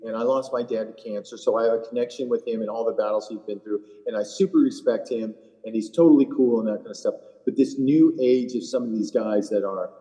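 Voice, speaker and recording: A man's voice: on the low side, brisk, hardly any pauses, dark tone, big-room sound, rough recording. A middle-aged man, a caddie co-hosting a podcast, telling stories in blunt, profane casual chat. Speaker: PGA Tour caddie, podcast co-host.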